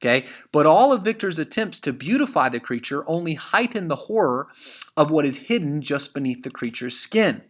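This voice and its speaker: A man with a fairly high voice teaches an English lesson, walking through a sample essay. He explains patiently, stopping often on "uh" and restarting his sentences, and he reads quotations out with their commas and quote marks. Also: sing-song, moderate pace. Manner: explanatory, many fillers and restarts, reads quotes with punctuation aloud.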